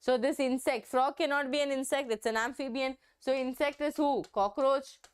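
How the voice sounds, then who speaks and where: Woman, online biology tutor, high and smooth voice, coaxing and repetitive. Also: fairly even intonation, moderate pace. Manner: coaxing, repeats key words to stress them. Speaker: online exam-prep teacher. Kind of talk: live online biology class.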